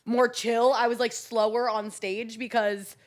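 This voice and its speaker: A woman comedian chatting as a podcast guest, telling scattered, profane stories at a rapid clip. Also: on the high side, little pitch movement. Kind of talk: casual podcast chat.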